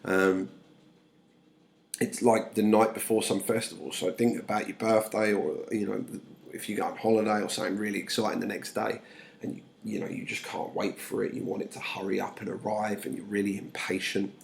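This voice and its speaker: A male English teacher talks students through a play, putting the old lines into everyday language. His voice sits low and has a gravelly edge to it, and his delivery is relaxed and informal. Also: fairly quick, a little hiss or hum. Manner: casual, plain paraphrasing with fillers.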